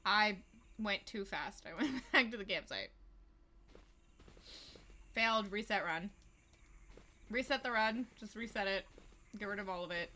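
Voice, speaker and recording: A woman's voice: medium pitch, a little slow, long pauses, sharp tone. A young adult woman livestreaming a horror game, giving casual, chatty gameplay commentary full of crude, self-mocking asides.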